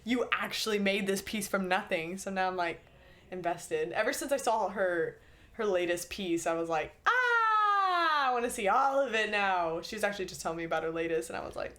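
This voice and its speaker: A woman's voice: on the low side, fast. Chatty upbeat woman podcast co-host. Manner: chatty and upbeat, heavy use of "like". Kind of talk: casual chat.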